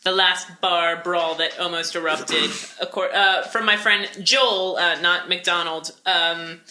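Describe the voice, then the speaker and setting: Wisecracking woman co-host, very bright tone, echoey room with faint hiss. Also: fairly low pitch, fairly even intonation. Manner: wisecracking, quick jokes. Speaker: podcast co-host. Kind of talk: casual podcast banter.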